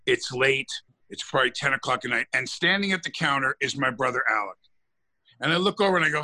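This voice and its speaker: A man's voice: medium pitch, quick pace, poor audio. A man co-hosting a podcast, telling a long anecdote in casual chat, acting out the quotes and restarting his sentences often. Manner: animated storyteller, acts out quotes, restarts often. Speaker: podcast co-host.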